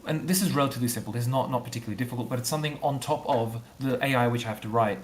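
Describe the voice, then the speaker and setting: A man's voice: medium pitch, racing. A man, a game developer, chatting casually on a livestream and thinking aloud in loose, rambling explanations full of repeated fillers.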